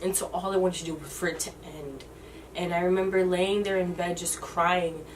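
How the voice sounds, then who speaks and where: A woman in her twenties telling a personal story in a halting, emotional way, often restarting her sentences. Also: lowish voice, fairly even intonation, far from the mic, a little hiss or hum. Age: 20s. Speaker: vlogger.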